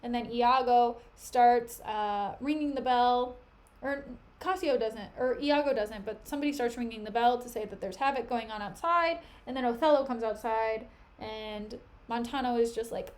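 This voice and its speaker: A woman's voice: on the high side, normal speed. Chatty young woman streamer. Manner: chatty, slangy, lots of "like". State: voice still recovering. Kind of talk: casual retelling of a play on stream.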